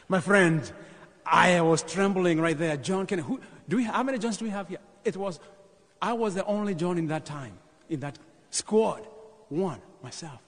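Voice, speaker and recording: A man's voice: fairly high pitch, moderate pace, big-room sound. A man from Kenya in his thirties, telling his own story as a parish mission speaker and calling out to the congregation. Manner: animated testimony, calls to the congregation. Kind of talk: sermon storytelling. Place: church.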